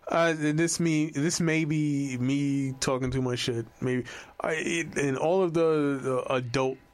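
A man with a slightly raised voice chats casually with a friend. He swears freely and his pitch leaps up when he gets worked up. The talk stays loose and animated. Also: slow pace. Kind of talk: casual banter.

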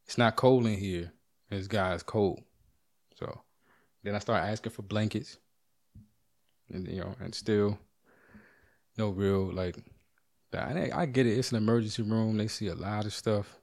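A middle-aged man at home telling a story in a casual monologue, animated, swearing and acting out other people's lines. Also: fairly low pitch, measured pace, long pauses.

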